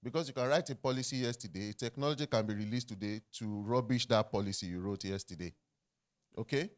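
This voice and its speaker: A man's voice: fairly low pitch, fast. A man giving a keynote talk in an emphatic, sermon-like way. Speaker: conference speaker.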